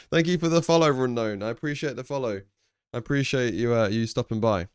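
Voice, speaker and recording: A man's voice: medium pitch, fairly quick, clean tone, no room sound, studio quality. A young English man streaming live, chatting casually with viewers, thinking aloud and swearing now and then. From England.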